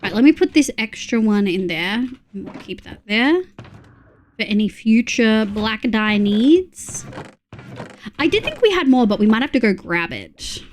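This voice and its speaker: An Australian woman streams a game, counting items under her breath between chatty asides to her viewers and reading from the chat. Her voice is a little high, with big pitch swings, at a measured pace.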